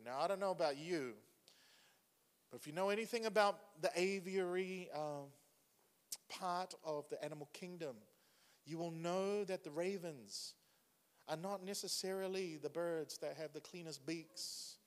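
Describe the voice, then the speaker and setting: A man delivers a sermon with loose, chatty energy, often turning to the congregation with questions. His voice sits fairly high for a man. The recording rings with the long reverb of a large hall. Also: a little slow. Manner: conversational, animated preaching with asides to the congregation. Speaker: pastor.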